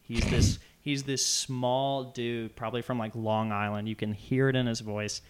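A young man chatting casually, retelling a story with animated, loud acted-out quotes. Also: mid-range voice, measured pace, clear, resonant tone. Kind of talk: casual chat.

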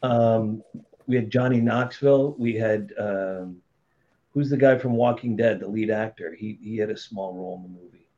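On a dull, lo-fi recording, a middle-aged podcast guest swaps blunt, profane tales from his career with animated energy, in a casual storytelling mode. His voice is fairly low and he speaks at a normal speed.

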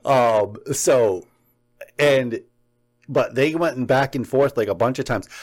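A man in casual conversation, telling a story with animated excitement. His voice sits at an ordinary mid pitch, and he lets a curse word slip when he gets worked up. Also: a little fast. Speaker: podcast co-host. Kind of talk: casual chat about paranormal recordings.

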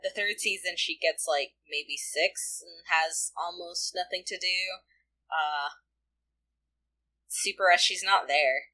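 Bright-voiced chatty woman podcaster. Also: fairly low pitch, slow. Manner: chatty, animated, lots of fillers and asides. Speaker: podcast co-host. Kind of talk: casual fan discussion.

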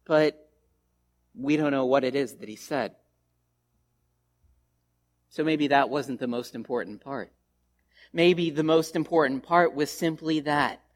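A male pastor delivering a sermon in a slow, measured way, pausing often and asking rhetorical questions. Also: mid-range voice.

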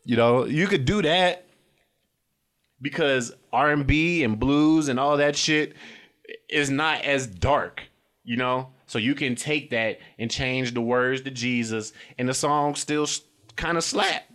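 A man's voice: mid-range voice, slow pace, a bit bright. A young man hosting a casual comedy podcast from a car, profane and loose, laughing often and slipping into silly voices. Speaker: podcast host.

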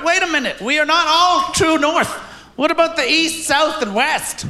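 A man doing stand-up before a live audience, shouting out his punchlines. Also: very high-pitched, normal speed. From Canada. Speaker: stand-up comedian. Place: stage in a large room with an audience. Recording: echoey live recording with crowd noise.

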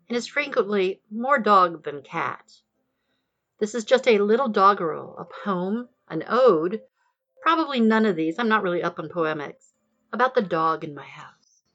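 A woman reads her own poem with gentle, wry warmth of humor. Her voice is bright and crisp in tone. The recording sounds dull and lo-fi. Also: mid-range voice. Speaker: poet.

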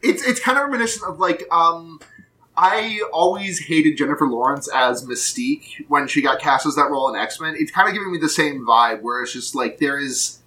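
A woman's voice: low-pitched, moderate pace, pushed and bright, rough recording. A woman in a casual podcast chat who rambles and hunts for words with many fillers.

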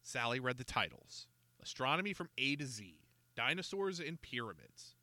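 Bright, expressive male storyteller. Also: mid-range voice, normal speed, dry recording. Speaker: narrator. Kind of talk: children's audiobook reading.

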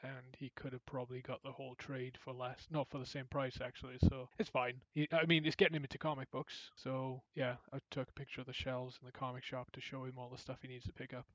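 A man with a mid-range voice talks at a quick pace, with few pauses and no room sound, while co-hosting a podcast. The dry, dull lo-fi recording captures his casual, animated storytelling as he plays out other people's quotes.

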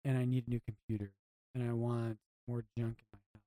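A man's voice: mid-range voice, little pitch movement, fairly quick, mellow, no room sound. A man, a priest co-hosting a podcast, talking earnestly and reflectively, often restarting his phrases. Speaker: priest co-host.

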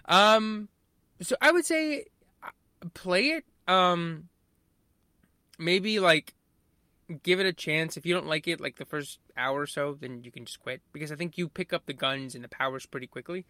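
A man's voice: a little high, normal speed, bright, forceful tone, no echo, studio quality. A man in casual conversation as a podcast co-host, rambling with lots of fillers and swearing. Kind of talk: casual chat.

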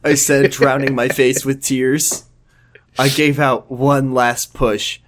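A man co-hosting a comedy podcast reads fanfiction aloud in a comedic dramatic style, stopping for joking side comments and banter. His voice is medium-pitched and fairly bright, with a flat delivery and a slow pace.

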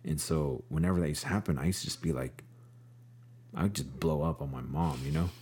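A man's voice: rumbling low, a little fast, warm tone, slightly rough. A man co-hosting a podcast in casual chat, laid-back and rambling with many fillers.

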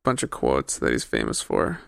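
Low-voiced giggly woman quiz host. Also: very animated, gravelly, background noise. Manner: giggly, drawn-out quiz reading. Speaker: podcast host running a quiz. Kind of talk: casual chat.

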